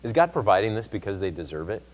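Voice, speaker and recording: A man with a fairly low voice leads a Bible class in an easygoing, conversational way. His voice carries a long reverb from the church room, and he leans into his points with rising emphasis. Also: sing-song, fast. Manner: conversational, reads scripture aloud with rising emphasis. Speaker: Sunday school teacher.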